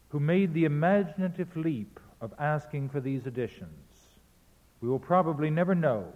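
A man's voice: fairly high pitch, expressive, normal speed, in a large hall, narrow, tinny audio. A man giving a spoken lecture in a precise, pedantic manner, often correcting himself mid-sentence. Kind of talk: spoken lecture on recordings and verse.

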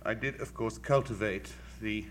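A man, a music critic, giving a measured, articulate lecture with dry wit. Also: lowish voice, fairly bright tone, a little hiss or hum. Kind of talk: formal lecture.

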